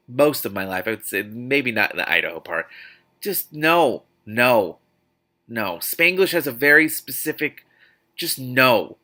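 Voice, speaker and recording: A man's voice: medium pitch, lively intonation, a little slow, bright, forceful tone. A man reading a novel aloud with exasperated, sarcastic commentary. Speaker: host reading a book aloud.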